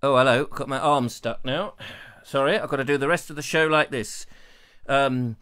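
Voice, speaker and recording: A man's voice: fairly high pitch, lively intonation, moderate pace, fairly bright tone. A man hosting a rambling live show, playful and jokey, chatting to viewers. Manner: playful, jokey, puts on silly voices. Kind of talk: rambling live-stream chat. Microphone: lavalier.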